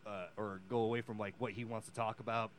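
Loud, rambling man chatting on a podcast. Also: lowish voice, level tone, fast talker, slight background noise. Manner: loud, rambling, with many fillers. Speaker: podcast co-host. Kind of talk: casual chat.

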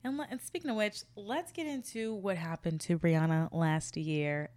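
A young adult woman hosts a podcast, sharing a personal story with casual, slangy motivation and addressing her listeners directly. Her lowish voice is smooth and unhurried, with hardly any pauses, recorded in a clean studio with no echo.

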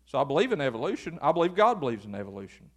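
Pastor guy preaching casual, folksy, gets fired up, highish voice. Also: racing. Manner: folksy, conversational, rises to animated exhortation. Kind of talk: informal sermon.

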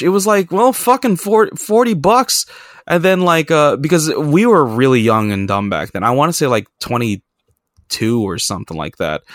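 A man's voice: mid-range voice, fairly bright tone, no echo, studio quality. A man hosting a podcast, telling travel stories in a rambling, profane, self-mocking way. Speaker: podcast host. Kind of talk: casual storytelling chat.

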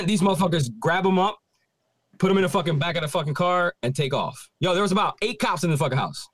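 A man's voice: sits high, fast talker, dry recording. A man in his thirties telling a story in casual chat, swearing constantly and acting out what people said. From Puerto Rico heritage, living in Philadelphia. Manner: swears constantly, animated retelling with acted-out quotes. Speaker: podcast co-host.

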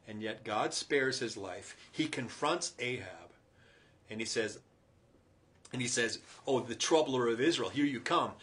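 A man preaching a sermon, retelling a story dramatically with chuckling asides and loud, emphatic quoted lines. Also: mid-range voice.

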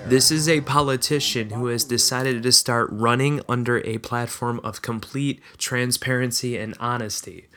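A man's voice: medium pitch, bright, forceful tone. Rambling male podcast host. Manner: rambling, self-deprecating, hesitant. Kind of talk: casual podcast monologue.

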